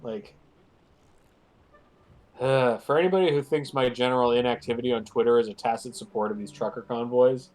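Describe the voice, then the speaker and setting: A man's voice: medium pitch, a little fast, long pauses, darkish tone. A man with a stuffed-up nose chatting casually as a guest on a game stream, rambling and joking with lots of fillers. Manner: rambling, filler-heavy, jokey.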